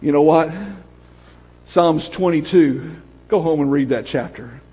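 A man preaching a sermon as pastor, swinging from shouts down to hushed storytelling. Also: a little high, measured pace, husky. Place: church sanctuary. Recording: long hall reverb.

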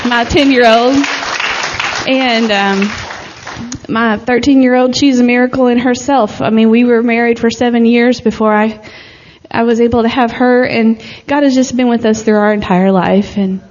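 A chatty woman shares a testimony with her church in a light, easygoing way and laughs easily. Her voice sits a little higher than most. The recording is dull and muffled. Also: fairly even intonation, moderate pace, darkish tone, a faint crowd. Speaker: mother sharing a testimony. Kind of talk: casual testimony to a congregation. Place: church hall.

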